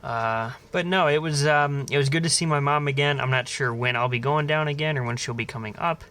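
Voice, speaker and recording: A man's voice: on the high side, brisk. A man co-hosting a casual podcast, telling stories with lots of swearing and acted-out voices. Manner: animated storyteller, swears freely, acts out voices in anecdotes. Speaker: podcast co-host. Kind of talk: casual chat.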